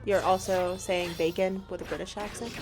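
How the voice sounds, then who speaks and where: A woman's voice: mid-range voice, fairly even intonation, moderate pace, music in the background. A woman co-hosting a let's play, chatting casually through the gameplay and laughing often. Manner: giggly, chatty, frequent laughter. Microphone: shared desk microphone.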